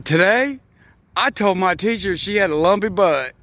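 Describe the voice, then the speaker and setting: Grown man putting on a squeaky little kid voice, giddy and cheeky, way up high. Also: lively intonation, normal speed, fairly bright tone. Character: cheeky little boy confessing mischief.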